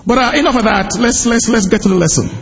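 A man preaching, his voice sitting very high for a man. He tells his story in lively bursts and raises his voice to a shout at the excited moments. The recording is a little dull, with faint noise behind him. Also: fast talker. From Jamaica. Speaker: pastor. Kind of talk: sermon with a personal story.

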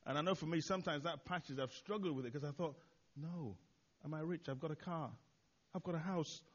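A man with a slightly high voice reflects on the sermon, halting often with "uh"s and restarting his sentences. He pokes fun at himself as he talks it through. The recording sounds dull and lo-fi. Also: breathy edge. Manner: hesitant, with many "uh"s and restarts, self-deprecating. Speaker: church leader responding to the sermon. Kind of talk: informal reflection after a sermon.

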